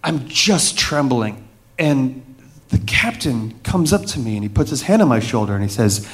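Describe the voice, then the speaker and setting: A man telling a personal story vividly, with dramatic pauses and hushed moments. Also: medium pitch, sing-song.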